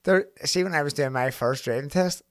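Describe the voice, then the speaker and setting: A man's voice: fairly high pitch, fairly quick, a bit bright, clear, resonant tone, no room sound. Dry-sounding man, rambling. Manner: rambling, many fillers, swearing. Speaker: podcast host. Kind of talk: casual podcast chat.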